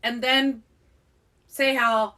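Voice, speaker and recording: A woman hosts a casual podcast in a playful, jokey way. Her voice is bright and sits a little high. She takes her time with every phrase. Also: level tone, drawn-out words. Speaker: podcast host.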